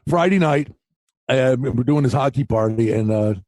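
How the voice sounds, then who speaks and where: A man co-hosting a sports betting podcast in casual chat, an excitable storyteller. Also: medium pitch, moderate pace, no room sound. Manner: excitable storyteller, animated retellings. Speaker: podcast co-host.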